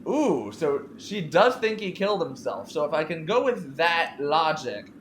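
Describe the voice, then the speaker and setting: A woman's voice: deep voice, sing-song, measured pace, reverberant, slight background noise. A woman commenting on her gameplay, musing aloud as she weighs her choices. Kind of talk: let's play commentary.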